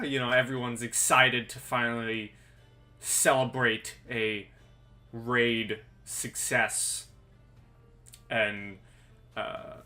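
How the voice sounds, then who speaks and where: A man running a tabletop game, laying out each scene at an easy, slow pace. His voice is bright and clear. Soft music plays underneath. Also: medium pitch. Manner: unhurried, second-person scene narration. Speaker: game master.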